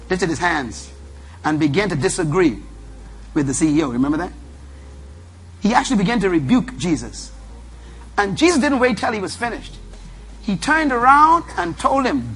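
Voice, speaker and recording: A high-pitched man delivers a motivational sermon. He is emphatic and repetitive, and he drives his points home by commanding the audience. Faint music plays underneath. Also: a bit bright, slightly rough. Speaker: preacher and leadership speaker.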